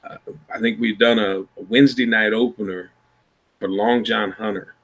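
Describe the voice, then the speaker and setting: A man's voice: on the low side, fairly even intonation, normal speed, a bit bright. A man from Iowa, a blues musician, telling stories in a laid-back, rambling way over a video call. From Iowa, USA. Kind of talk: casual storytelling chat.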